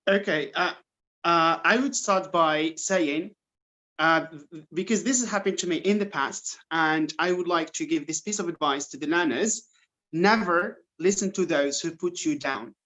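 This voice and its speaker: A man's voice: a little high, measured pace, sharp tone, rough recording. A man from Algeria, an English teacher, giving earnest, encouraging advice on a panel with hesitant uhs.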